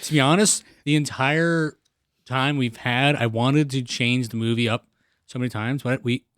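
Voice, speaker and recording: A man's voice: mid-range voice, fairly even intonation, normal speed, a bit bright, no echo, studio quality. A man co-hosting a casual movie podcast, with a faint New York accent, rambling and trailing off as he talks. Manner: rambling, trailing off, self-mocking. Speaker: podcast co-host. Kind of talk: casual chat.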